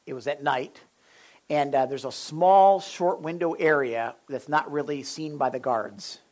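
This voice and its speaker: A male pastor preaching a sermon with animated storytelling and questions to the audience. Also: a little high, measured pace.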